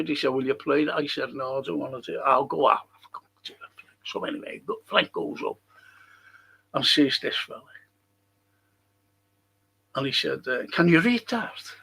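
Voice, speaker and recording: An older English podcast host with a Liverpool accent runs a live stream, reading viewer comments and telling blunt, sweary, rambling stories. His voice is on the high side, creaky and sharp-toned.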